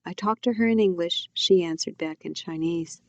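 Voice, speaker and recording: A woman, the author, reading her own novel aloud in a quiet, reflective first-person telling. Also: fairly low pitch, normal speed, dry recording, dull audio. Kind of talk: audiobook narration.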